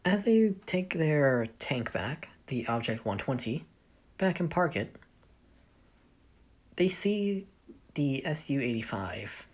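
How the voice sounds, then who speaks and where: A woman's voice: low voice, very animated, slow pace, pauses often, a little mellow. A woman explaining the setup of her fan story in a casual, rambling way, often stopping to correct herself. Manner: rambling, self-correcting, thinking aloud. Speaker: fanfiction storyteller.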